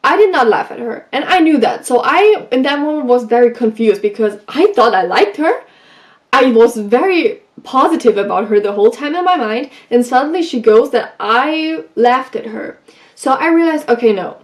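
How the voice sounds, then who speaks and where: A woman vlogger giving advice in a casual, animated way, telling stories from her school days and acting out what people said. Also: a little high, normal speed. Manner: animated, acts out quoted lines. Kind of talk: casual storytelling advice vlog.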